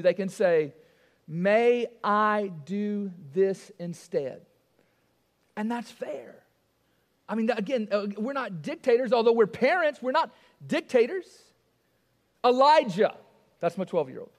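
A man's voice: very high voice, a little mellow, in a large hall. A male pastor preaching a sermon. He is emphatic, repeats key phrases and asks the congregation rhetorical questions.

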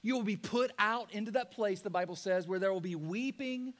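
A pastor preaching a sermon, swinging from soft, quiet stretches to loud, ringing rises and talking casually to his listeners as "guys". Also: high voice, brisk. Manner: conversational, addresses listeners as guys.

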